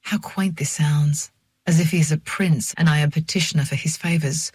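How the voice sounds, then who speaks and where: Husky, breathy woman narrating a story. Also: deep voice, darkish tone, dry recording. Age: older. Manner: measured, reflective storytelling. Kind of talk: first-person audiobook narration.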